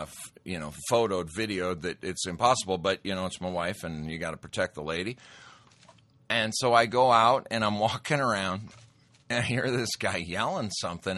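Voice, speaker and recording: A man telling a true story in a casual, animated way, acting out his own lines of dialogue. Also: lowish voice, no echo.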